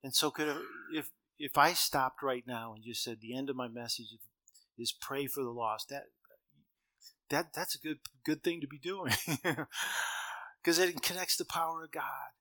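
Bright-toned male preacher, lively storytelling. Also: mid-range voice, a little slow. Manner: storytelling with shifts between loud emphasis and quiet. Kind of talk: sermon.

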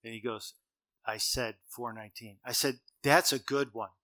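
A man's voice: mid-range voice, steady tone, normal speed, pushed and bright, slight background noise. A middle-aged man giving a talk as a speaker, telling humorous stories in a conversational way and acting out the dialogue. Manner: conversational, acts out dialogue, chuckles at own jokes.

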